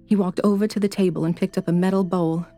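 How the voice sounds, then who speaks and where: A woman narrating a horror story in a steady, even-toned reading. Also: fairly low pitch, fast, faint music behind.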